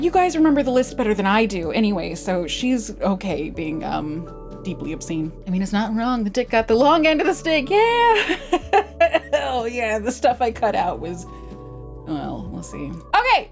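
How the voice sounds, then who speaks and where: A giggly young woman hosts a casual explainer stream, her fairly high voice bouncing all over as she rambles through asides. Faint music plays under her talk. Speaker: vtuber streamer.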